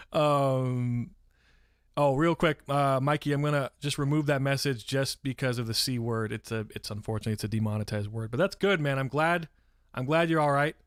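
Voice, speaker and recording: A man's voice: medium pitch, normal speed, smooth, no echo, studio quality. A man from San Francisco telling a story on a live stream, rambling and swearing freely and breaking off to answer chat. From San Francisco, USA. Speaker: livestreamer.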